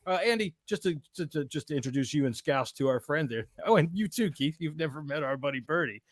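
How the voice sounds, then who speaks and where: A man's voice: on the high side, lively intonation, fast talker, no room sound, clean studio sound. A man hosting a casual podcast on a video call, teasing his guests in an upbeat emcee style. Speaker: podcast host. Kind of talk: casual chat.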